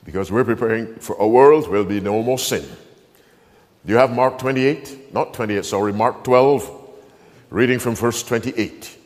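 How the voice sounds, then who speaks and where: A man preaching a sermon as pastor, slowing down and stressing key phrases while quizzing his congregation. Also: medium pitch. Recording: long hall reverb.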